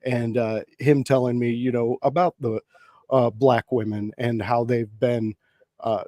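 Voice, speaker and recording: A man's voice: medium pitch, steady tone, a little slow, mellow, no echo. A man co-hosting a casual livestream chat, talking thoughtfully and hesitantly with many fillers. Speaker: podcast co-host.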